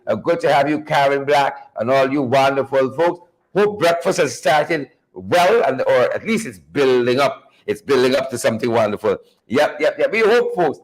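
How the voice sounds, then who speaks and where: Upbeat male host of a live morning show, slightly higher-pitched voice, greeting viewers by name. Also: poor audio.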